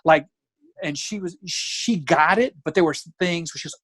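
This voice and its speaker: On the high side and at a moderate pace, this man's voice carries animated storytelling as he mimics characters. He's an Alabama comedian in his 40s, a podcast guest on a video call with camera and ring light, seated in a home room with a closet door. The audio is poor, without echo.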